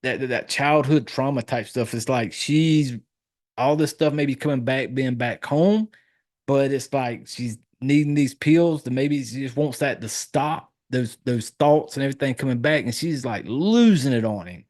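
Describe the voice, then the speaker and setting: A man talking loosely and profanely about a film, his voice at an ordinary middle pitch. He keeps jumping up in pitch to act out lines from the movie. It sounds like casual podcast chat with a married guy. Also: normal speed, darkish tone. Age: adult, married. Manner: loose, profane storytelling, acting out lines in a raised voice. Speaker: podcast host reviewing a horror film.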